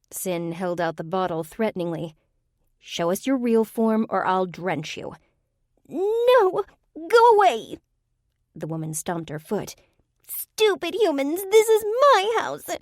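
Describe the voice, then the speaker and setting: A woman voicing a small, bratty woodland fairy with a shrill, nasal voice. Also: a little mellow, no room sound, clean studio sound. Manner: shrieking, whiny and insulting.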